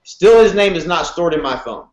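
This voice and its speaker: A man, a real estate broker in his thirties, telling a story in an interview, fast and energetic, acting out phone calls as he goes. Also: a little high. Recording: roomy echo.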